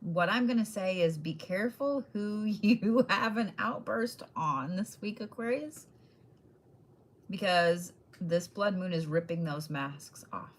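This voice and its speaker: A woman's voice: mid-range voice, takes it slowly. A woman giving casual, blunt zodiac readings straight to each sign, swearing freely and laughing often. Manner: direct address to each sign. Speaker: tarot and astrology reader.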